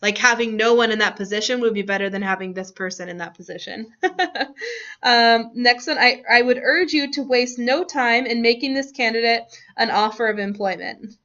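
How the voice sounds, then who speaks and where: A woman's voice: fairly high pitch, normal speed, fairly bright tone. A woman teacher leading a classroom lesson, asking students questions and laughing often. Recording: dull lo-fi classroom recording.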